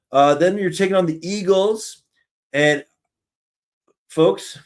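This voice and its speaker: A man with a Canadian accent hosting a live sports fan stream, chatting in an excitable, talkative way. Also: medium pitch.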